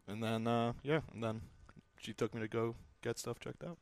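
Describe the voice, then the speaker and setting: A man's voice: medium pitch, flat delivery, brisk, smooth, dry recording. A young adult man co-hosting a casual podcast, loose and joking, telling stories with lots of fillers. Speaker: podcast co-host.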